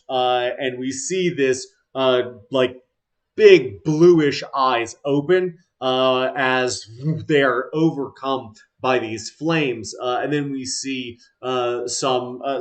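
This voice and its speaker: A male game master narrates the scene slowly, pausing often with filler sounds as he describes the action. His delivery is unhurried and hesitant, with a middle-pitched, everyday voice. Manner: slow, halting, many "uh" fillers.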